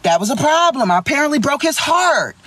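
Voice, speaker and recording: A young woman telling a story in a vlog, animated, slangy and full of swearing. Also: sits high, fairly quick.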